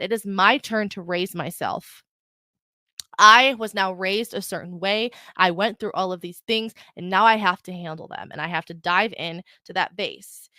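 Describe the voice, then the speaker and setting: Woman, podcast host, emphatic casual talk, mid-range pitch, dry close recording. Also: sharp tone, no room sound. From Ireland. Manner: chatty, emphatic, self-interrupting. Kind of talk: casual solo podcast talk with reading aloud.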